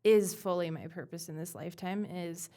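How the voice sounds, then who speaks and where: A woman guest on a podcast who talks about bodywork in an earnest, animated way, full of "like" fillers. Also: fairly low pitch, normal speed. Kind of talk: casual conversational podcast.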